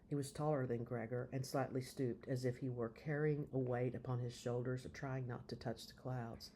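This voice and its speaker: A man reading a novel aloud, chapter by chapter, in slow, measured storytelling. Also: medium pitch, fairly even intonation, darkish tone, a little hiss or hum. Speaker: reader of a novel. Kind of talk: audiobook reading.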